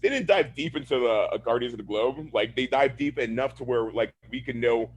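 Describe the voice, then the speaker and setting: Husky man ranting on a podcast. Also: mid-range voice, brisk. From Florida, USA. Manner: animated, ranting, swearing, laughing often. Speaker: podcast co-host. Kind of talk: casual chat.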